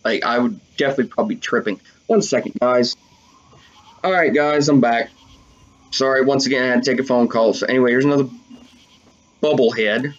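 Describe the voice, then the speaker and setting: A man giving casual commentary over a video game, excitable and swearing often as he talks to his viewers. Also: mid-range voice, brisk, pauses often, lo-fi sound. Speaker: let's play gamer.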